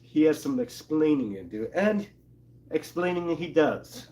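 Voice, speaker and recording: A man casually recapping a comic book with a co-host, animatedly acting out the characters' lines. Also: measured pace. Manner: animated, acts out quotes in excited higher voices.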